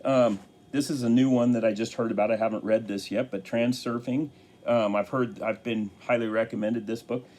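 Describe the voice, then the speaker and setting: A man giving an earnest motivational talk to camera, halting and restarting his sentences often. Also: mid-range voice, fairly even intonation, a little mellow. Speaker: motivational speaker.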